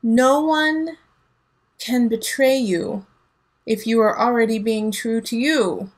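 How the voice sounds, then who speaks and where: A woman's voice: a little high, slow pace, low-quality recording. A woman giving a casual tarot reading, emphatic and teasing, laughing often, with a son at home. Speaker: tarot reader.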